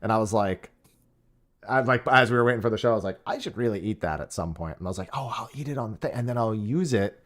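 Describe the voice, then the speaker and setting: A man's voice: lowish voice, quick pace. Guy hosting a gaming podcast, rambly and jokey, keeps cutting himself off. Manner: rambling, self-interrupting, joking. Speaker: podcast host. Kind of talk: casual gaming podcast chat.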